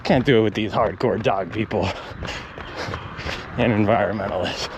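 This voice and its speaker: Lowish in pitch and moderate in pace, a running vlogger speaks in a casual monologue while jogging outdoors, making wry, ranting remarks between strides over background noise.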